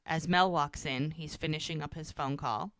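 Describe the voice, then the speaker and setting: A woman with a low-pitched voice casually recaps a TV episode on a podcast at normal speed, acting out the characters' lines. She retells it animatedly, quoting them with "she's like," and the studio-quality recording has no room sound.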